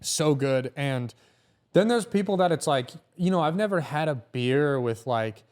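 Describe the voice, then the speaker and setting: Animated young man telling comedy stories. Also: fairly high pitch, measured pace, clean tone. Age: young adult. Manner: animated, swearing, acts out quotes. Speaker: guest comedian. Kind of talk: casual podcast storytelling.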